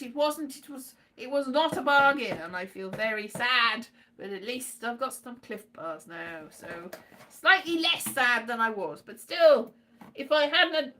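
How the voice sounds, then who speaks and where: A woman's voice: sits high, sharp tone. A woman vlogging in a rambling casual monologue, playful and silly, slipping into sing-song asides.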